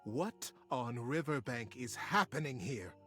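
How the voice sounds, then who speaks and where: An actor in a storybook game voicing a slow, old female beaver elder with a trilling, indignant manner. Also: medium pitch, animated, sharp tone, faint music behind.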